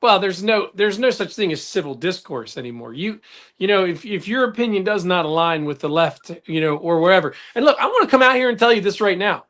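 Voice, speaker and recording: A man's voice: sits high, lively intonation, brisk, fairly bright tone. Blunt guy on a talk show, heated, swears a lot. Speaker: podcast co-host. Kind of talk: casual chat.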